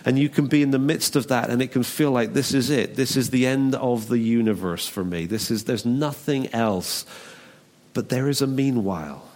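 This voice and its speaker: A man's voice: mid-range voice, moderate pace, a little mellow. A man preaching a sermon in a conversational way, retelling a scripture story, acting out its characters and asking rhetorical questions. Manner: conversational, acts out voices of the story figures; frequent restarts and rhetorical questions.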